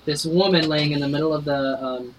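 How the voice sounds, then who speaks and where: A man's voice: a little high, steady tone, brisk, a little hiss or hum, low-quality recording. A man narrating as game master in a tabletop game, casual and rambling. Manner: casual, rambling, many fillers and restarts.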